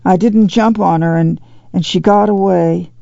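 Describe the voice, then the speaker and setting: A man voicing a guilt-ridden, sorrowful farm uncle who talks haltingly in rural dialect. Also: high voice, steady tone, creaky, dark tone, dry recording. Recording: dull dry lo-fi studio read.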